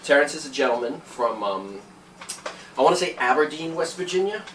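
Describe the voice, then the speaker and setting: A man co-hosting a comedy podcast, deadpan and rambling as he reads out a listener email. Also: a little high, brisk, reverberant, far from the mic, slight background noise. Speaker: podcast co-host.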